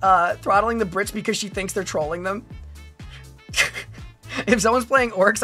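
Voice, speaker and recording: A woman's voice: mid-range voice, steady tone, normal speed, long pauses, fairly bright tone, faint music behind. A woman streamer chatting casually, rambling and playful, with frequent stammering restarts. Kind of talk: casual livestream chat.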